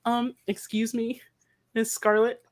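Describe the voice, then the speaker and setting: A man voicing a timid, dorky young man who proposes in a halting, hesitant way. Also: extremely high pitch, level tone, voice pushed up.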